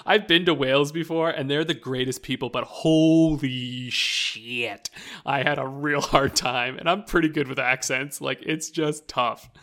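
A man's voice: fairly high pitch, fairly even intonation, normal speed, few pauses, bright, forceful tone. A young man chatting casually as a podcast co-host, rambling with lots of "like" fillers. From rural Canada. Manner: rambling, full of "like" fillers, laughs often. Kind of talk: casual chat about video games.

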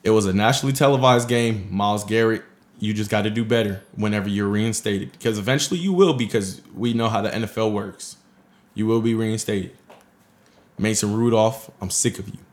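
A man co-hosting a sports talk show, animated and scolding, repeating his points for emphasis. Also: on the low side, brisk. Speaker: podcast co-host. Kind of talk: heated sports commentary chat.

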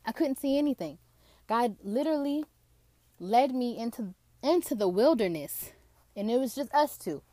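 A woman's voice: on the high side, moderate pace, dry recording. A young woman telling a personal faith testimony in a casual, emotional way, often saying "like". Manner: emotional, excited, fills with "like".

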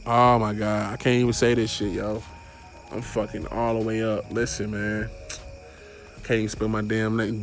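Young man, casual solo podcast, stumbling rambling talk, low voice, faint music behind. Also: level tone, normal speed. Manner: rambling, stumbling over words, swearing. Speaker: podcast host.

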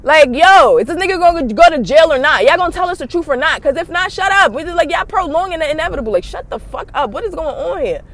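A woman podcast host, ranting bluntly and profanely in animated commentary. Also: high voice, quick pace, few pauses.

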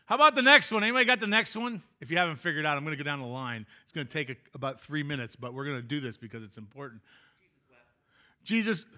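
A man's voice: fairly high pitch, expressive, quick pace, pushed and bright. A male pastor giving a chatty, interactive sermon in a church sanctuary, joking with the congregation and often restarting his sentences.

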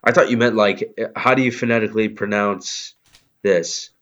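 Deep-voiced man on a dull lo-fi mic. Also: normal speed, fairly bright tone. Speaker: podcast co-host. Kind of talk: casual podcast banter.

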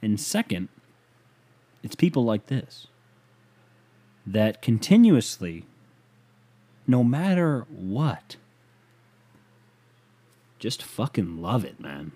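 A man's voice: on the low side, big pitch swings, drawn-out words, long pauses, mellow, slightly rough. A man hosting a casual, comedic rant show, talking in a profane, sarcastic and rambling way.

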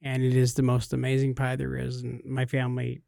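A man's voice: mid-range voice, completely flat delivery, fairly quick, vocal fry, dark tone, no echo, clean studio sound. A man from California co-hosting a podcast, chatting casually in an enthusiastic, playfully boastful way. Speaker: podcast co-host. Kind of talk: casual chat.

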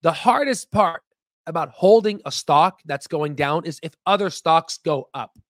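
High-voiced, emphatic stock market host. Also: male voice, a little slow, no echo, clean studio sound. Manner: rambling, repetitive, emphatic; self-promoting, excitable. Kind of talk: casual screen-share commentary.

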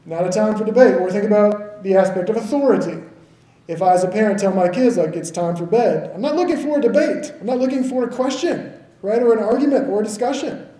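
A man's voice: high-pitched, fast talker, mellow, echoey room, low-quality recording. A man in his thirties from the American South, preaching a conversational sermon and often checking in with the congregation. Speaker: pastor.

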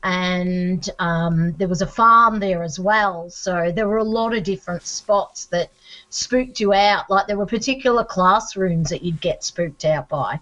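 A woman's voice: fairly low pitch, fairly bright tone, lo-fi sound. Joking woman with an Australian accent. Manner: chatty, joking, quick to laugh. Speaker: teacher, regular podcast guest. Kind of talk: casual podcast chat.

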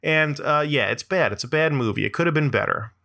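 A man's voice: a little high, brisk, vocal fry, sharp tone. A man giving a rambling, profane comedic monologue, peppered with "like" and "uh" and frequent laughs.

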